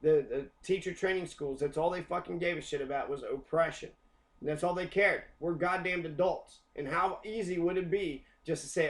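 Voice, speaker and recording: A man's voice: a little high, normal speed. Profane, heated young American man ranting. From United States. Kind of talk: angry rant.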